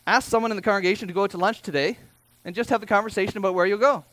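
A male pastor delivers a sermon in a high, light voice, keeping it conversational with quick asides and self-corrections. The sound is dry and close, with no room around it. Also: fairly even intonation, a bit bright, dry recording.

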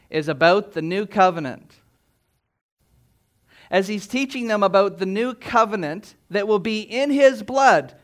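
Man, pastor, sermon, high-pitched, emphatic, rhetorical questions. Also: a bit bright.

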